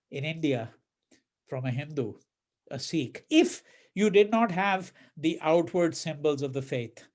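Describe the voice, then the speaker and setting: A man lecturing a class in a conversational way, often asking "right?" and acting out quoted lines in a mocking tone. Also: a little high. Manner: conversational, checks in with "right?", repeats words; reads quoted verses in a mocking voice. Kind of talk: university lecture.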